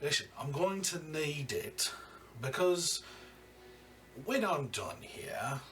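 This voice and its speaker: A man voicing a short, scarred male crime boss who talks slowly and threatens coldly. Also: fairly high pitch, big pitch swings, fairly bright tone, distant mic, a little hiss or hum, voice pushed up, full character voice. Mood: menacing. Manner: slow, cold and threatening.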